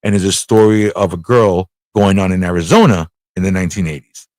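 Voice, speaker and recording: A man's voice: deep voice, a little fast, a little mellow, no echo. A man hosting a casual live talk show, rambling, swearing freely and repeating himself as he tells a story. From United States. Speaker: show host.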